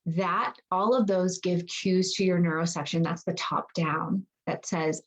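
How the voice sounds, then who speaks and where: A woman's voice: fairly low pitch, steady tone, measured pace, few pauses, rough recording. A woman wellness coach talking casually to her group, reassuring and thinking aloud, often checking in with "right?". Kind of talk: casual online coaching talk.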